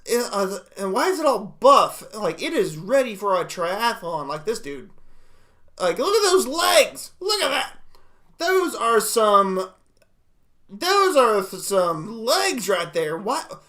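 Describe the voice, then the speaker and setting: A young man hosting a casual reaction livestream, excitable and exclamatory, laughing often. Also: high-pitched, slow pace. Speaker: livestream host.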